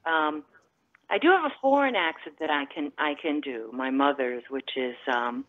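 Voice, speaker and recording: A woman caller from the Midwest with a low voice, speaking over a muffled phone line. She rambles and pauses often, filling gaps with fillers as she tells her story. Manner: rambling, halting with many fillers. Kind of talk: phone-in chat.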